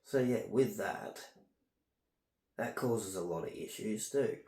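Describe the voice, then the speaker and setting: A man's voice: lowish voice, takes it slowly, darkish tone. A man rambling on in a casual, aggrieved monologue while doing a home treatment. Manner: aggrieved, meandering, talks while ear candling. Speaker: vlogger. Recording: echoey room.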